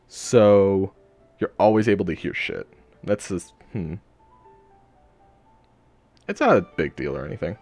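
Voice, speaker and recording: A man's voice: fairly low pitch, sing-song, slow pace, pauses often, faint music behind. A man chatting casually with friends on a voice call before a tabletop game, rambling and laughing often. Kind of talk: casual chat over voice call.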